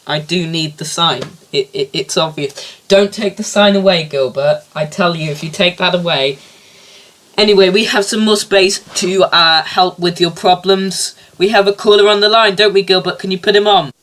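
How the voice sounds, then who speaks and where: A man voicing a loud, boastful male helpline team leader who keeps fumbling his own catchphrase. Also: sits high, steady tone, moderate pace, pitched above the performer's own voice. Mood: eager.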